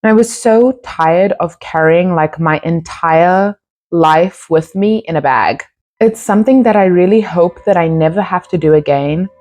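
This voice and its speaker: A woman's voice: fairly low pitch, a little slow, a little mellow. A young woman from South Africa with a South African accent, telling a rambling, casual storytime vlog full of fillers. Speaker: vlogger.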